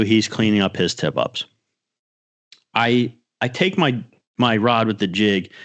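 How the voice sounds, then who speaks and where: A man co-hosting a fishing podcast, telling a story in an excited, animated way during a casual chat. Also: on the low side. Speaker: podcast co-host.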